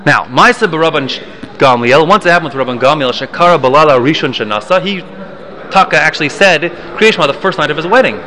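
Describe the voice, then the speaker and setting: Bright-voiced man teaching Mishnah. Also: fairly high pitch, expressive, fast. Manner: explains Hebrew terms in English, with restarts and self-corrections. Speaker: Torah teacher. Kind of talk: Mishnah study class.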